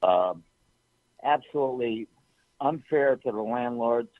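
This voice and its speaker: A man's voice: medium pitch, lively intonation, a little slow, no room sound. A man calling in to a radio show, hesitant and indignant, over a phone line. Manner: hesitant, indignant, many fillers. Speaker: caller. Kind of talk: live call-in.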